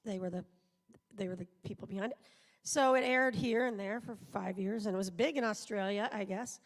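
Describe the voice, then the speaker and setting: Chatty woman, gravelly voice, echoing auditorium. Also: medium pitch, a little fast. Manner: chatty, rambling anecdotes with quoted voices. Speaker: voice actor guest. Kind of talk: live panel interview. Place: large convention auditorium. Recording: live hall sound, long reverb.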